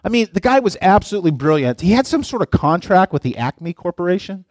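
A man's voice: high-pitched, very animated, fast, a little mellow, dry recording, clean studio sound. A middle-aged man, a pastor, giving a playful, chatty sermon and talking directly to his listeners. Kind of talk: casual sermon.

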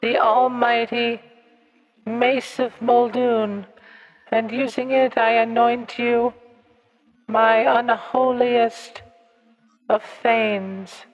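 A man voicing a tiny, pompous demon child lord who speaks in slow, grand commands. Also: very high-pitched, level tone, long reverb tail, lo-fi sound, heavily acted. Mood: grandiose.

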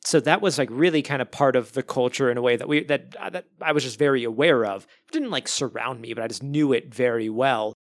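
A man from Arizona co-hosting a podcast, chatting in a playful, animated way. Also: medium pitch, fairly quick, hardly any pauses. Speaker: podcast co-host. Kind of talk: casual podcast chat.

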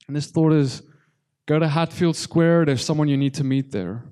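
A tearful man giving a testimony sermon, stumbling and repeating himself as he talks to the congregation. His voice sits a little high for a man, with a mellow, dark tone. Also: clean tone. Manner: halting, repeats words, addresses congregation. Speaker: preacher.

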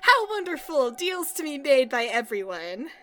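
A woman's voice: fairly high pitch, animated, a little slow, fairly bright tone. A woman voicing a cackling, greedy female collector of curiosities, with a teasing, theatrical way of talking. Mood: gleeful.

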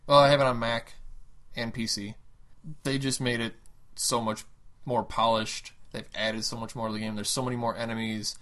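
A man co-hosting a casual gaming podcast, mid-pitched and easygoing. He rambles with excitement about games and cracks jokes with his co-host. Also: moderate pace. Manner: enthusiastic, jokey, rambling.

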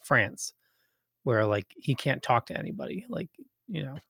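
A man in casual podcast chat, talking haltingly with lots of fillers. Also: medium pitch, animated, creaky, a bit bright, breathy edge, no room sound, clean studio sound. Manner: halting, full of fillers and restarts.

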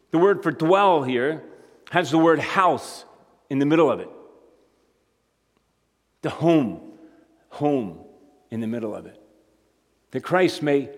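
A man preaching as a guest speaker, moving between quiet conversational asides and emphatic rising points. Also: on the high side, measured pace, long pauses. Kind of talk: sermon. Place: church sanctuary. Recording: long hall reverb.

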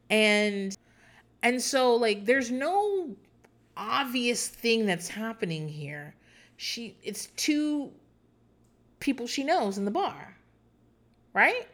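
A woman's voice: mid-range voice, expressive, moderate pace, vocal fry, a bit bright. A woman in casual talk, rambling and swearing freely as she recaps a show, with frequent laughs and filler words. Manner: profane, rambling, chatty, often laughing.

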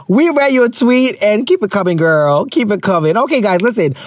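A man's voice: sits high, expressive, a little slow. A man in his thirties hosting a casual chat show, playful and chatty, mixing in local slang. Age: 30s. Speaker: podcast host.

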